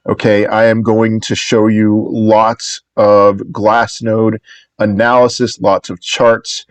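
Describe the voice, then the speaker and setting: A man's voice: on the low side, level tone, measured pace, no room sound. Man giving rambling upbeat market talk, dry sound. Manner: rambling, with frequent restarts and self-corrections; upbeat and reassuring. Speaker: crypto market commentator. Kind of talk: casual video commentary.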